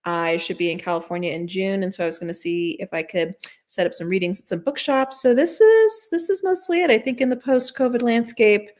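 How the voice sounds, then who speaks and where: A chatty woman author talks through her first novel in a relaxed interview. She pokes fun at herself and leaps up into a squeaky voice whenever she quotes her own nervous thoughts. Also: fairly quick, few pauses. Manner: chatty, self-deprecating, squeaks into high voices when quoting herself. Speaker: debut novelist guest. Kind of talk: casual interview chat.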